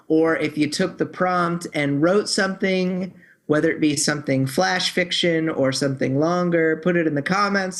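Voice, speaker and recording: A man hosting a book review podcast, chatting casually and joking, with relaxed restarts. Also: on the high side. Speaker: podcast host.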